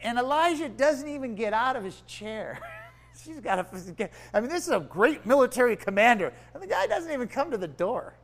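A preacher reading scripture and retelling a Bible story in an animated, playful sermon style. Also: medium pitch, moderate pace.

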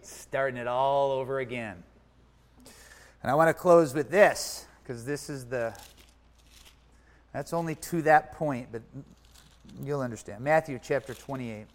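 A man telling his story in a sermon, acting out his own thoughts and swinging from loud to hushed. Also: medium pitch, unhurried, pauses often. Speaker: preacher. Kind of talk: sermon testimony.

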